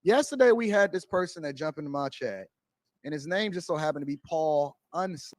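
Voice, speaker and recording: A man's voice: fairly high pitch, animated, brisk, dry recording. A man in a played clip from another stream, lecturing his viewers in a preachy, scolding way. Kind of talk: lecturing commentary.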